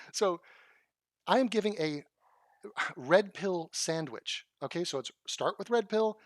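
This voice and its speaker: A man's voice: sits high, animated, slow, no room sound. Sarcastic, blunt commentator man. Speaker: commentator reacting to video clips. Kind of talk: combative commentary.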